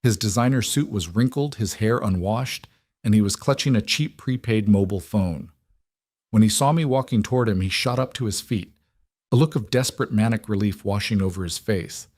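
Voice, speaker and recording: A man narrating a scripted first-person drama story in a steady, dramatic way. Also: on the low side, normal speed, no room sound, clean studio sound.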